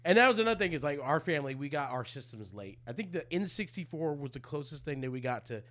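A man's voice: a little high, sing-song, fast, fairly bright tone. This is a male stand-up comedian from Florida, guesting on a casual podcast. He talks in a slightly raised, very bouncy voice that rises and falls a lot. He drifts into jokes and laughs at his own riffs. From Jacksonville, Florida. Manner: playful, laughing, trailing off into riffs.

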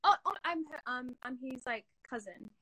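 A woman in her twenties from Australia, a guest in a casual live-stream chat, talking in a quick, animated way with lots of "like". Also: sits high, no echo, low-quality recording.

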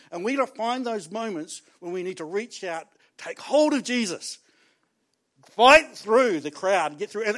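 A man preaching a sermon as pastor, animated and conversational, acting out the inner voices of people in the story. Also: high voice.

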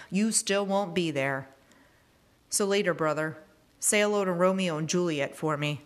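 A woman's voice: medium pitch, fairly bright tone, close to an everyday voice. A woman reading aloud as a grieving teenage boy who talks plainly, in casual slang.

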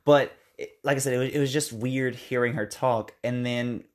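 A man's voice: mid-range voice, fairly even intonation, moderate pace. An American man co-hosting a podcast, chatting loosely about a film, rambling and correcting himself as he acts out lines from it. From United States. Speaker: podcast co-host. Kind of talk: casual film review chat.

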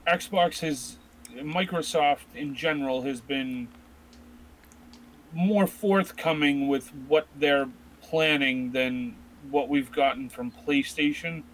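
A man's voice: on the high side, slow pace, slight background noise, poor audio. A man in his thirties co-hosting a casual chat about video games, rambling with many restarts. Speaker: podcast co-host.

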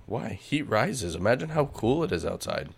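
A man's voice: on the low side, big pitch swings, moderate pace, creaky, slightly rough. A man co-hosting a podcast in casual chat, joking crudely and swearing a lot. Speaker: podcast co-host.

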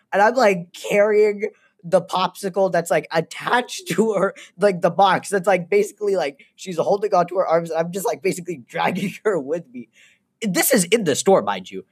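A woman's voice: on the low side, animated, normal speed, breathy edge. A young woman co-hosting a casual podcast, telling stories with laughs and acted-out quotes. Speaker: podcast co-host. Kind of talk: casual chat.

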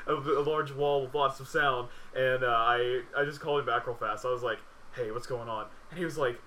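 Fast, bright-voiced excitable young man. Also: a little hiss or hum. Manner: excitable storyteller, bursts into high animated pitch. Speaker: co-host. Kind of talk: casual chat.

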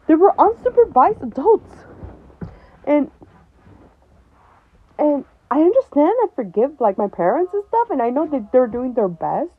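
A woman's voice: high-pitched, sing-song, measured pace, long pauses, no echo. A young woman hosting a podcast, talking candidly and bluntly, swearing often and laughing between heavy points. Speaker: podcast host. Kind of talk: candid personal talk. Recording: dry, tinny phone-like sound.

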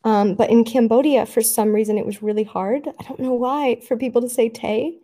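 Young woman, casual chat, mellow warm tone, slightly high voice, lots of fillers. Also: fairly even intonation, fairly quick. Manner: chatty, laughs often, many "like" fillers.

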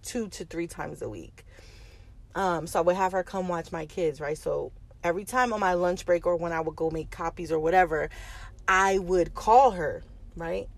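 A woman in her thirties from the United States, telling a personal story in a chatty vlog style with lots of fillers and restarts. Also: on the low side. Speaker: vlogger.

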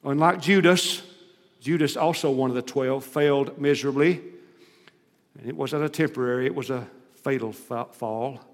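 A man's voice: medium pitch, moderate pace. A man preaching a sermon, retelling scripture with dramatic, rising emphasis. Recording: long hall reverb.

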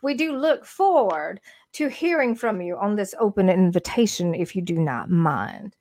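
A gracious, formal Southern belle drawls out every word with ornate politeness, as a woman puts her on. The Southern accent is thick, and the voice swoops up and down in a lively way. She takes her time, like a lady of the old school. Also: mid-range voice, lightly acted. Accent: American Southern. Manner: slow, ornate, overly polite.

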